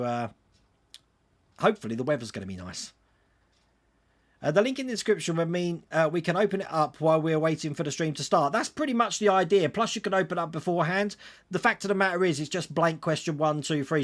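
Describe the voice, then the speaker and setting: A man hosting a casual livestream, reading out viewer comments and answering them in a chatty way. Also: fairly high pitch. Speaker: livestream host answering chat.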